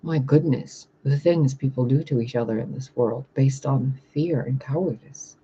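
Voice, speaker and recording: In a lo-fi livestream with slight background noise, a male spiritual reader rants casually, bluntly and with profanity, reading viewer comments and answering them. His voice is medium-pitched and dark-toned, at a moderate pace.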